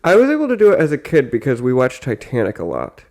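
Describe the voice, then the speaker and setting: Man telling deadpan jokes in chat. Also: mid-range voice, fast, gravelly. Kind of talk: casual comedic chat.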